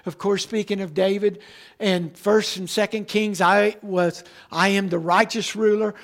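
A man's voice: sits high, fairly even intonation, a little slow. A man preaching a sermon, reading Bible verses aloud and talking to his church. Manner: preaching with Bible readings, restarts, asides to the tech team. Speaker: pastor.

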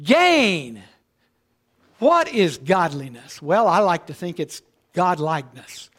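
A man preaching a sermon, emphatic and repetitive, slowing down to stress key words. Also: on the high side, sing-song, fairly bright tone. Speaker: pastor.

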